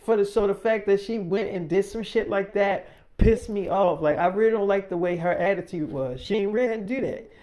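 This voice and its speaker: Freestyle storyteller, heated, profane, slangy, phone mic, middling pitch. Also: fairly quick, darkish tone.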